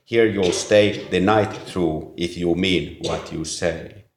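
A bitter, defiant poor man, gruff and distrustful, in a storybook reading, as a man voices him. The voice is very deep and slow. It sits in a roomy, echoing space. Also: fairly even intonation. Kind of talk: audiobook reading. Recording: roomy echo.

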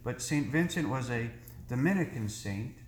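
A male priest delivers a sermon in a slow, measured, earnest way, pausing deliberately between phrases. His voice sits at an ordinary middle pitch. The church around him is roomy and echoing, with a faint hum of background noise. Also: lively intonation. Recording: echoey church room.

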